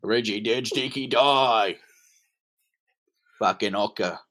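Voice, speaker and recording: A woman's voice: extremely low pitch, slow, a bit bright, voice pushed down, full character voice. A woman putting on an Australian accent to play a laid-back, lovestruck boyfriend in an improvised comedy bit, drawling her lines. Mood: joking. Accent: put-on Australian.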